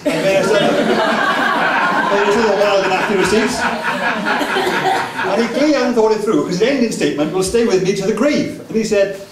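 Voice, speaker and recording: A man's voice: sits high, lively intonation, moderate pace, pauses often, a loud crowd. A man comedian telling an ironic pub story with mock-naive punchlines on a club stage. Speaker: stand-up comedian. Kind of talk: stand-up set. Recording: echoey club room.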